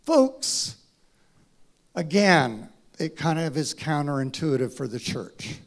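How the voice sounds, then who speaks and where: A man preaching a sermon, acting out dialogue in a dramatic voice that drops to a hush and rises to a shout. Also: a little high, animated, slow pace. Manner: dramatic, acts out voices, swings from hushed to shouting. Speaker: pastor.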